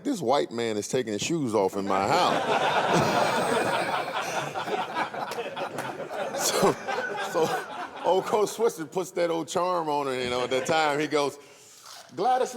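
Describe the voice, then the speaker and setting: A middle-aged man from Arkansas, a former player animatedly telling a story on a reunion panel and acting out the voices. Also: mid-range voice. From Arkansas, USA. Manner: animated, laughing, acts out voices in his anecdote. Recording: echoey hall.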